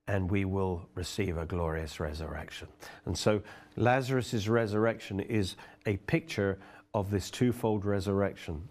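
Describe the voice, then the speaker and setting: A middle-aged man preaches with fervor, his voice sitting on the low side. He reads scripture aloud and then explains it. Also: a little mellow. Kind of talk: sermon.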